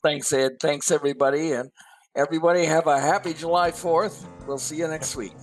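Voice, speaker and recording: A man's voice: on the high side, steady tone, fairly quick, faint music behind, rough recording. An older man who is a guest columnist, chatting casually and telling a joke at an easygoing pace. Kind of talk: casual chat.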